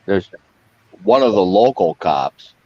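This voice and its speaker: A man reminiscing in casual chat, relaxed. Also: low voice, takes it slowly, no echo, highs cut off.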